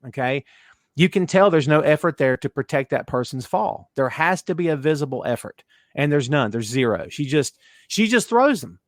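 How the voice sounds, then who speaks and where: A man from North Carolina with a toned-down Southern accent hosts a casual wrestling podcast. He talks in animated bursts, cuts himself off and restarts, and is blunt with his opinions. The voice is dry and close to the mic. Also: on the high side, no room sound. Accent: Southern US, softened. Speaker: podcast host.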